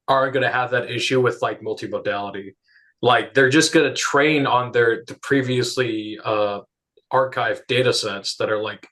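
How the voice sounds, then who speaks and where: A man's voice: medium pitch, a bit bright. Man musing aloud with lots of hedging. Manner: hedging, thinks aloud with many "like" fillers. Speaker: discussion participant. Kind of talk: casual technical discussion.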